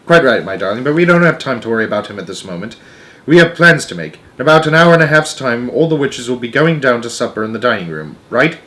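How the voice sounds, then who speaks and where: A man voicing a firm, proper elderly grandmother who talks in a brisk, determined way, in a storybook reading. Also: medium pitch, very animated, a bit bright.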